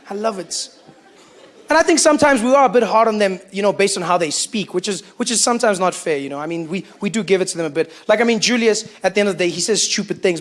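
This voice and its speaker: Easygoing high-voiced male comedian. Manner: easygoing, chatty, leans on "you know". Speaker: stand-up comedian. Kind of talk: stand-up comedy routine. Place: comedy stage.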